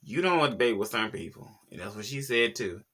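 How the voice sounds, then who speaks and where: A man's voice: fairly low pitch, lively intonation, fast talker, sharp tone. A man hosting a casual celebrity gossip vlog, sassy and slangy, talking straight to his viewers. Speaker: YouTube pop culture host.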